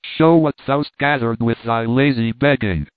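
A man voicing a gruff, brutal pauper father, harsh and commanding, with a tinny phone-like sound. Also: mid-range voice, measured pace, dry recording, lightly acted. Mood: angry.

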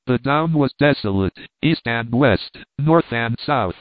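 A man narrates a classic novel in a measured, plain reading voice of middling pitch. The recording is dead dry, with no room around it, and squeezed thin like a phone line. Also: animated, no echo. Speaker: audiobook reader. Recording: tinny, dry phone-like sound.

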